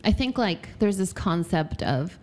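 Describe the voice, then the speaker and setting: A woman's voice: lowish voice, lively intonation, a little slow, a little mellow. A woman guest on a dating podcast, chatting casually and laughing often in a bubbly way. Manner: giggly, bubbly, lots of laughter.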